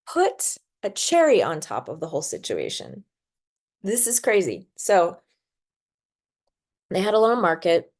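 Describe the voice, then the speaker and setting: A woman hosting a spiritual podcast, telling stories in a chatty way full of fillers and quick laughs. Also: fairly low pitch, darkish tone. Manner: chatty storyteller, filler-heavy, laughs often. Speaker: podcast host. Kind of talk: casual spiritual podcast monologue.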